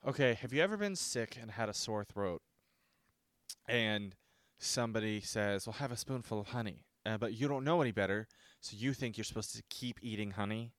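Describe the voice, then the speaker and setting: A man's voice: on the low side, normal speed, a bit bright, dry recording, clean studio sound. A man in his twenties chatting casually to camera as he reviews a drink, rambling, swearing freely and poking fun at himself. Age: 20s.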